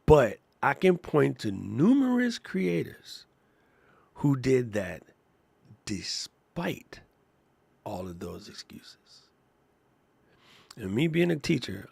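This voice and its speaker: A man co-hosting a live podcast, talking in an animated, joking way and laughing often. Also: medium pitch, takes it slowly, creaky, long pauses, slightly rough, no echo. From Washington, D.C. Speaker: podcast co-host; teacher.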